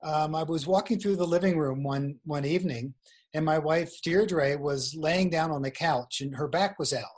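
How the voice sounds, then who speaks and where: Man, husky voice, chatty storyteller, video call audio. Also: on the high side, moderate pace, a little mellow. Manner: chatty, laughing storyteller with restarts. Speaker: guest author. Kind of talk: casual interview storytelling. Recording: video call audio over weak wifi.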